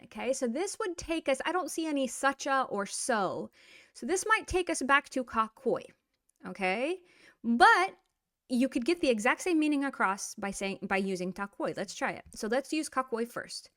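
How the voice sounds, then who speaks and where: Lively woman teaching Russian. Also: fairly high pitch, moderate pace, dry recording, studio quality. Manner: lively, playful, acts out example phrases in Russian. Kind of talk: casual video lesson.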